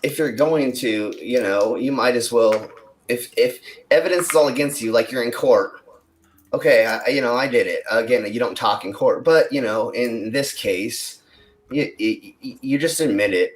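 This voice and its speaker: A man's voice: mid-range voice, moderate pace. A man co-hosting a casual podcast chat, often stammering and restarting, acting out quotes as he goes. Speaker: podcast co-host.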